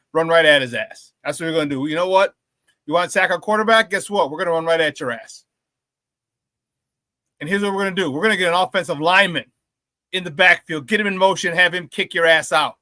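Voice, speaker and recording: A man with a high, bright, sharp voice hosts a live sports talk stream, bursting with hype and shouting catchphrases. He banters with viewers in the chat. The mic is close and dry, with no room sound. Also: no echo. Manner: shouts catchphrases, loud and excitable. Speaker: sports talk show host.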